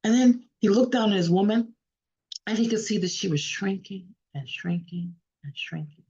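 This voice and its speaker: A woman storyteller telling a folk tale in an unhurried, earnest way, sometimes correcting herself, over a video call. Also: medium pitch, lively intonation, mellow, slightly rough, lo-fi sound. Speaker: storyteller, guest speaker. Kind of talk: oral storytelling.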